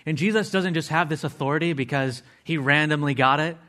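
A man's voice: a little high, fairly quick, a bit bright. A man preaching a sermon, earnestly explaining word meanings step by step and adding casual asides to his listeners.

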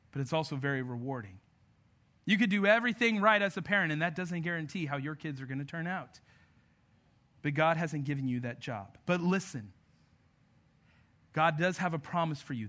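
A man preaching a sermon to parents, earnest, moving between emphatic lines and soft, intimate passages. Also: a little high. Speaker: pastor.

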